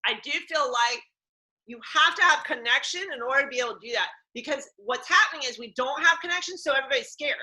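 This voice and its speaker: A woman's voice: high-pitched, quick pace, poor audio. A woman hosting a casual conversation about faith, telling stories animatedly and acting out the people she quotes. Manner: animated storyteller, acts out quotes. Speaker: podcast host.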